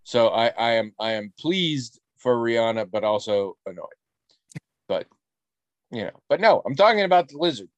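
A man co-hosting a podcast in casual chat, rambling and animated and swearing casually. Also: medium pitch, moderate pace, no room sound, muffled recording. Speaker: podcast co-host.

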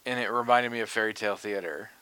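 A man's voice: fairly low pitch, fast, bright, forceful tone, smooth, no echo. A man co-hosting a podcast in casual chat, joking and teasing with crude asides. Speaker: podcast co-host.

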